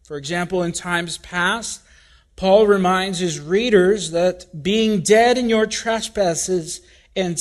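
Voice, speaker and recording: A man preaching a sermon from the pulpit, deliberate and emphatic, repeating key phrases for weight. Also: high-pitched. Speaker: pastor.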